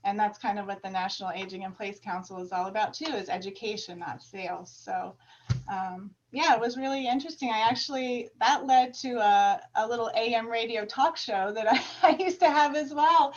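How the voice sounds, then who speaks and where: A woman guest chatting in a lively way on a video call, laughing often and getting louder when amused. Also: fairly high pitch, normal speed. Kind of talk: casual interview chat. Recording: distant, dull remote mic.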